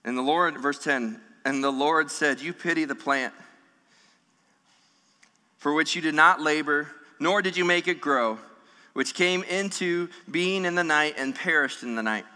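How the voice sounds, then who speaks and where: Male pastor, sermon, bright ringing voice, fairly high, long hall echo. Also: a little slow. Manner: animated, humorous, acts out scripture voices.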